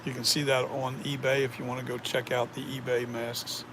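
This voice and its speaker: A man's voice: mid-range voice, completely flat delivery, normal speed. Man chatting casually over background noise. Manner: rambling, reads and answers chat comments. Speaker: mask maker streaming to viewers. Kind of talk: casual live-stream chat.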